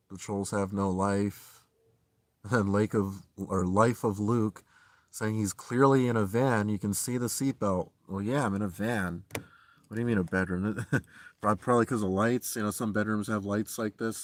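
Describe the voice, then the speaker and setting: A man live-streaming from inside his van, ranting angrily and swearing, his voice swinging between loud outbursts and low, tired muttering. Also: no echo. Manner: heated and profane, swings from shouting to low muttering. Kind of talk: angry live-stream rant.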